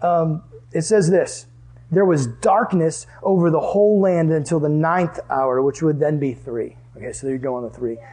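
Husky voiced bible teacher, chatty and loose, asking the group stuff. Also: mid-range voice, normal speed, mellow. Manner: casual and conversational, asks the group questions.

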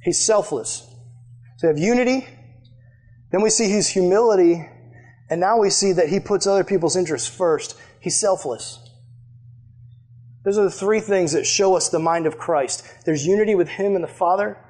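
A man's voice: high-pitched, brisk, darkish tone. A young adult man, a youth pastor, preaching a conversational, emphatic sermon to a youth group.

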